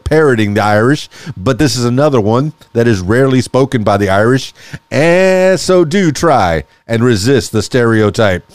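A man's voice: medium pitch, a little mellow, no room sound. A man hosting a casual solo podcast, upbeat and chatty, laughing often. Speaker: podcast host. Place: small radio studio.

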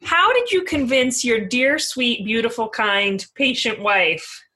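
A woman's voice: a little high, animated, slow pace, sharp tone. A woman co-hosting a podcast, asking frank, teasing questions in casual chat. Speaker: podcast co-host.

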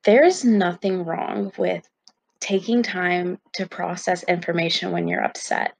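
Young woman vlogger with vocal fry. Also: fairly low pitch, steady tone, unhurried, no echo. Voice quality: gravelly fry. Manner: chatty, candid, lots of fillers. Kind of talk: casual talk to camera.

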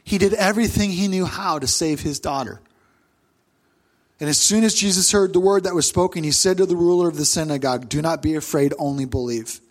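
A male pastor delivers a sermon with a notably high voice. He tells the story with plenty of animation and bursts into loud, acted-out quotes. He sounds middle-aged. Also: brisk.

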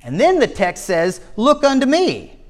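A man's voice: very high-pitched, wildly swooping pitch, unhurried, in a large hall, pitched above the performer's own voice, full character voice. A man voicing a thin, uneducated lay preacher with an Essex accent who talks in plain, ungrammatical country speech. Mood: earnest.

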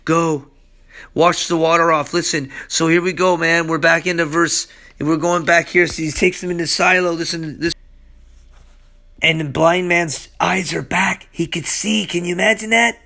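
A man's voice: on the high side, fairly even intonation, moderate pace, vocal fry, sharp tone. A man teaching from the Bible in a casual, slangy way. He is hyper and acts out the characters as he goes. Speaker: preacher.

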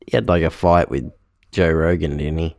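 Brief: UK male co-host, very low voice, dry close sound, laid-back and halting. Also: steady tone, gravelly, a little mellow, dry recording. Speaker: podcast co-host. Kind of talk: casual podcast chat.

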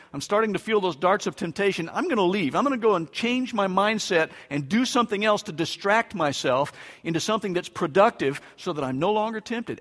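A male pastor preaching a sermon in an emphatic, conversational way with touches of humor, his voice swinging between loud bursts and quiet asides. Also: sits high. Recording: long reverb of a large hall.

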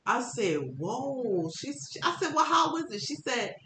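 Blunt woman cracking crude jokes on a podcast, bright voice that jumps around, echoey room. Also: sing-song, unhurried. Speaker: podcast guest. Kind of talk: casual chat. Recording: echoey room with faint rumble.

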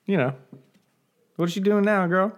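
Laid-back young podcast co-host, mid-pitched. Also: normal speed. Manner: laid-back, laughs often, swears. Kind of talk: casual live-stream chat. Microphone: computer mic on a live stream.

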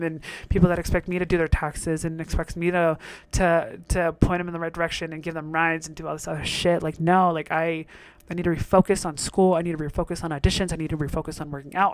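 A man's voice: fairly high pitch, no echo. Blunt, foul-mouthed young man ranting. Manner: blunt, profane, heated and exasperated. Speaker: solo podcast host. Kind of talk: casual rant monologue.

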